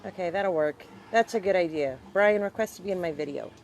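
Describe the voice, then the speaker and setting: A woman's voice: fairly low pitch, fairly quick, darkish tone, slight background noise. A woman hosting a casual live stream, teasing her guest and swearing freely.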